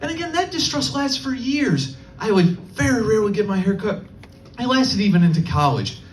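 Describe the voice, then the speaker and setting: Animated young man telling a stand-up story. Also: sits high, slight background noise. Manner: storytelling with quick quoted voices. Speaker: stand-up comedian. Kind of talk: stand-up set. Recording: distant mic, faint room ambience.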